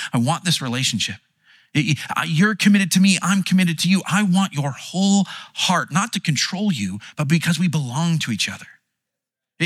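A man delivers a sermon with a husky, slightly breathy voice that swoops widely up and down as he presses each point. His pitch sits a bit above the usual male range, and the sound is close and dry, with no room around it. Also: sharp tone, no room sound. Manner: earnest, with frequent restarts and acted-out quotes. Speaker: pastor.

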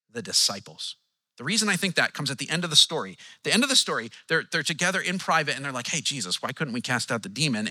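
A man preaching a sermon as pastor, animated and acting out the quotes he tells with changing tones. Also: a little high. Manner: animated, acts out quotes with shifting tone.

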